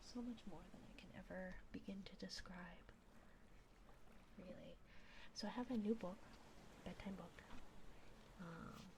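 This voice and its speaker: Slow whispery woman with a gravelly edge. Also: on the low side, noisy background. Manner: soft whispering, slow and drawn out, often giggling. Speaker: ASMR streamer. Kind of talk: whispered ASMR livestream chat. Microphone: binaural dummy-head microphone.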